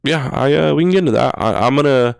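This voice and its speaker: Speaking fast with vocal fry, this twenty-something podcast guest has a smooth, medium-pitched voice on a dry studio recording. He shares an emotional personal story in slangy talk, heavy on "bro," "dude" and curse words.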